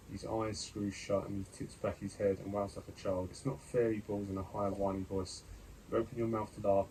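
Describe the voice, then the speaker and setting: A man plays through a gamebook, reading the story aloud and stopping to talk through his dice rolls and choices. His voice is on the low side and has a gravelly rasp. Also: darkish tone, slight background noise, rough recording. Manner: reads narration, then comments on dice rolls and choices with fillers. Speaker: gamebook player and reader.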